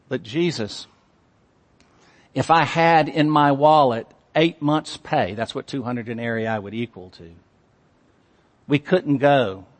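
A man preaching a sermon as pastor, reading scripture and driving his points home with emphatic, measured phrasing. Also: mid-range voice. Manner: slow, emphatic preaching with long pauses and rising intensity. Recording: long hall reverb.

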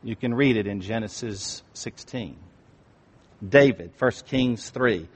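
A male pastor preaching a sermon, swinging from hushed asides to emphatic, rising appeals. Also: lowish voice, slow, husky. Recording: reverberant hall.

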